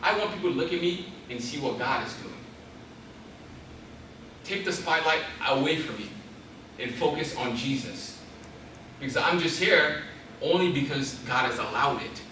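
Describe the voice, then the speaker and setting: A man's voice: a little high, normal speed, pauses often, sharp tone, recorded from a distance, slight background noise. A young man giving an intense, preacherly Christian talk to an audience in a large hall, building to emphatic exhortations. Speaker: guest speaker. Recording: very echoey hall, voice off-mic.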